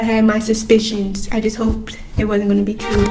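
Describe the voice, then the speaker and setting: A young woman chatting excitedly in a reading vlog, gushing and filling her talk with "like.". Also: mid-range voice, over music. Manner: excitable, gushing, drawn-out "like" fillers. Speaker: book vlogger. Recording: echoey room, faint background noise.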